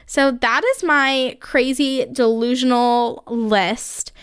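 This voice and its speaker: A woman's voice: fairly high pitch, steady tone, takes it slowly, clear, resonant tone, no echo, studio quality. A young woman hosting her own podcast, chatting casually and gushing, filling her talk with "like" and "um". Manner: chatty, gushing, heavy use of like and um. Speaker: podcast host. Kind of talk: casual solo podcast chat.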